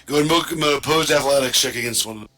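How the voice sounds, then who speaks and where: A man narrating as game master of a tabletop game, relaxed and using filler words. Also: medium pitch, very fast, a crowd in the background, rough recording.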